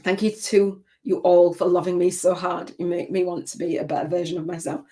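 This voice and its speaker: An older woman from the United Kingdom leads a live masterclass on spiritual business. She talks in a low-pitched voice, heartfelt and emotional. She often restarts her sentences as she goes. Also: flat delivery, a little fast, warm tone.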